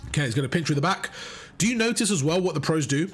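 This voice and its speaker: A man's voice: a little high, expressive, fast talker, a bit bright, a little hiss or hum. A man coaching viewers through match footage, emphatic and often checking in with "right?" and "okay?". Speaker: competitive gaming coach.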